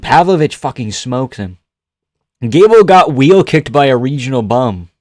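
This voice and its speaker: A man's voice: medium pitch, a little mellow, dry recording, clean studio sound. Profane, rambling male streamer. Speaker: live streamer. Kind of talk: casual chat reacting to chat.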